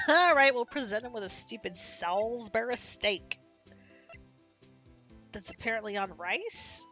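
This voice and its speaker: A woman's voice: fairly high pitch, animated, a little slow, sharp tone, faint music behind. A woman streaming a story game, giggling and joking as she reads and comments. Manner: giggly, playful, self-mocking. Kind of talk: let's-play commentary and reading aloud.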